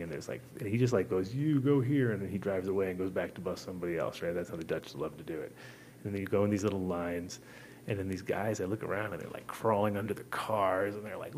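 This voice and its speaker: A man's voice: low-pitched, a little mellow, slight background noise. A man hosting a show, telling a long casual story full of swearing and acted-out quotes. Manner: rambling, profane, acts out voices in quotes. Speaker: host.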